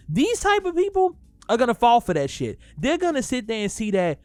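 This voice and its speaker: A young man talking casually in a music review vlog, animated and profane as he rants. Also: very high-pitched, fairly quick, no room sound. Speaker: album reviewer.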